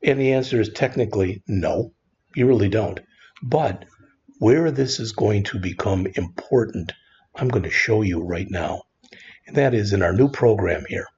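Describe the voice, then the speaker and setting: A man walks through a coding lesson in a relaxed, conversational way, often pausing on "all right". His voice sits low and is very husky and gravelly. It comes through a dull, lo-fi screen recording. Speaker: programming instructor.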